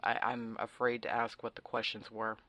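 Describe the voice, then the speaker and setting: A woman's voice: very deep voice, monotone, normal speed, a bit bright. A woman hosting a talk radio show, speaking in a sarcastic, facetious and opinionated way in a conversational monologue.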